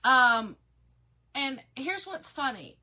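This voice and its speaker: A woman's voice: high voice, big pitch swings, slow pace, pushed and bright. A woman with a Southern Appalachian accent, chatting casually to her viewers as a crafting host, telling stories and laughing often. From Kentucky and Georgia, USA.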